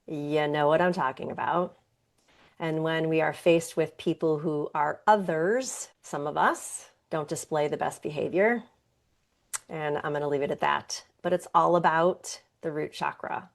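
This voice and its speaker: A woman's voice: deep voice, darkish tone. A woman podcast host and yoga teacher giving an earnest, conversational wellness talk. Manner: earnest, conversational, with occasional laughs.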